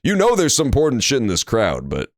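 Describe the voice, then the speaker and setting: A man's voice: medium pitch, huge pitch swings, fairly quick, no room sound. A young man streaming a courtroom game, joking crudely and rambling while he plays. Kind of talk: casual let's-play commentary. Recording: dry room with faint game music.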